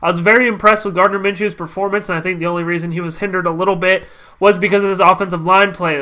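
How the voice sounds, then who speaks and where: Bright high-voiced man, stuffy from a cold. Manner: energetic, confident fan talk. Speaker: sports channel host. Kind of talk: casual football recap commentary.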